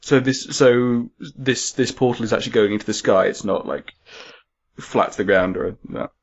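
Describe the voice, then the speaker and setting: A man's voice: medium pitch, normal speed. A man runs a tabletop game with a middling voice, giggling readily and tripping over repeated words. The audio is slightly muffled and lo-fi. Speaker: game master. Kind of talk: running a comedic tabletop game.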